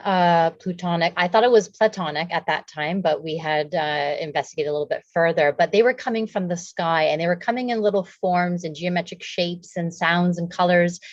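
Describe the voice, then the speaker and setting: A woman's voice: lowish voice, dry recording, highs cut off. Woman on thin dry call audio. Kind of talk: casual spiritual group chat.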